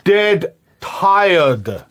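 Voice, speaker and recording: A man hosting a podcast in casual chat, jokey and animated, acting out movie scenes. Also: sits high, extremely slow, slight background noise. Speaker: podcast host.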